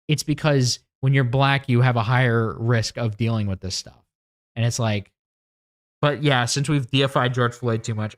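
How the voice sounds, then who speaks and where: A man's voice: medium pitch, dry recording. Young male streamer, casual profane rant, lots of ums and restarts, dry close sound. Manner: profane, rambling, full of fillers and restarts. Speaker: livestream host. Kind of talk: casual political rant on a livestream.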